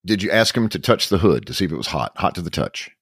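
A man co-hosting a podcast in casual chat, quick and joking, cutting in with questions. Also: low voice, big pitch swings, a bit bright, slightly rough, no room sound, studio quality. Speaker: podcast and radio host.

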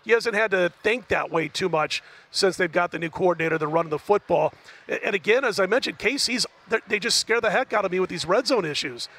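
High-voiced man breaking down a football bet. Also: brisk, fairly bright tone. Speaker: sports betting guest analyst. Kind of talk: sports betting talk.

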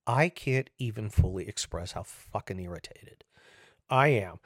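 A man in his fifties hosting a show, delivering a profane, sarcastic comedic rant that swings between loud outbursts and low muttering. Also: normal speed, breathy edge, no room sound, studio quality. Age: 50s. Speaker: host.

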